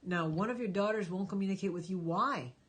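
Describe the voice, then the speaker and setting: A woman's voice: medium pitch, brisk, husky. A woman hosting a live stream Q&A, answering viewers' questions with emphatic, encouraging life advice. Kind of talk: live stream Q&A, reading chat.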